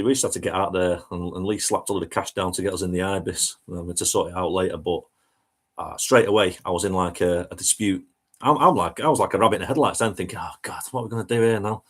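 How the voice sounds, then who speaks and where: A man's voice: sits low, slightly rough. A man, a touring musician telling a story in a chatty, self-mocking way and laughing as he goes. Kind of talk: casual storytelling anecdote.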